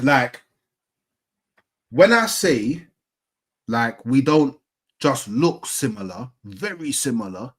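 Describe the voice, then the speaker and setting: A man in casual chat, rambling and full of fillers and slang. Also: medium pitch.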